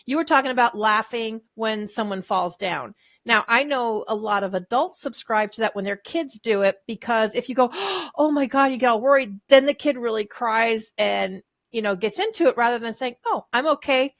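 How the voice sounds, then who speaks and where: A woman hosting a casual podcast over a video call, chatty and quick to laugh, sometimes tripping over her words. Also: fairly high pitch. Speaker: podcast host.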